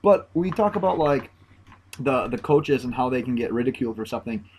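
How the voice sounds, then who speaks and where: A man in casual podcast talk about football, his pitch sitting in the middle range. He speaks in a relaxed way, often hedging and drawing out his phrases. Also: fairly quick, slightly rough. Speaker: podcast co-host. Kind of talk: casual sports chat.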